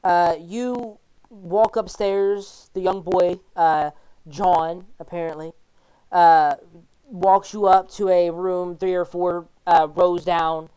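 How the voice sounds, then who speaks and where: A woman's voice: lowish voice, steady tone, slow, warm tone, clean tone. A woman narrating as game master in a casual, filler-heavy way.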